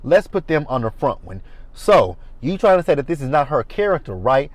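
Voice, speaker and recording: A man giving a sassy, animated, swearing commentary on a reality TV episode. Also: on the high side, normal speed, no room sound. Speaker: reality TV reviewer. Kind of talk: casual commentary.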